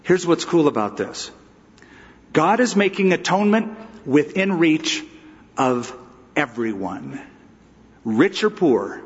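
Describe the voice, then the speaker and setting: A man's voice: fairly high pitch, in a large hall, highs cut off. A pastor giving an emphatic, conversational expository sermon, asking his listeners rhetorical questions.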